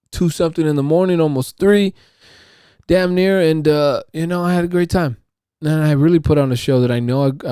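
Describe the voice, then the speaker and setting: A man's voice: on the high side, warm tone, dry recording, clean studio sound. A man hosting his own podcast, talking alone in a loose, rambling, profane monologue. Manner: rambling, profane, restarts and fillers. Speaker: podcast host. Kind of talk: casual solo podcast monologue.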